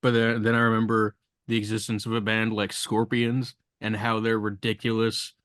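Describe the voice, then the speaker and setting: Male podcast co-host, flat and wry delivery, dry close sound. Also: on the low side, normal speed, no room sound. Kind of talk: casual album review chat.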